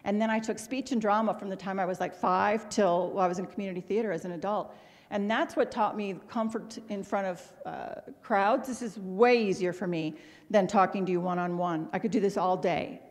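A middle-aged woman from Missouri, speaking at a medium pitch and a fairly quick pace, gives a funny, candid talk as a guest speaker at an autism symposium. She rambles and drops self-deprecating asides. The large hotel ballroom adds a long reverb.

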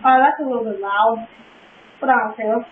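Woman, gamer, excitable, trash-talking, very high voice, phone-like audio. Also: moderate pace. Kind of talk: casual gameplay chat. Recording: tinny lo-fi audio with echo and hiss.

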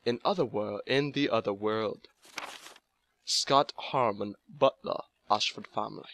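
A man's voice: lowish voice, unhurried, fairly bright tone, slight background noise. A man voicing an elderly, formal and sorrowful male butler, reading a letter aloud. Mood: solemn.

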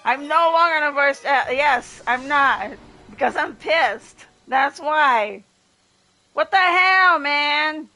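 A woman streaming a horror game live, yelling and swearing at her teammates and chatting with viewers. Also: high-pitched, takes it slowly. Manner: excitable, swears and yells at other players; talks to chat between rounds. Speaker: gaming livestreamer. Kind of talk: live gameplay commentary.

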